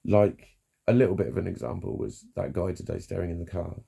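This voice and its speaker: A man giving a frank, halting personal monologue, swearing freely and restarting his sentences. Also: low voice, level tone, creaky, dark tone, breathy edge. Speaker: vlogger.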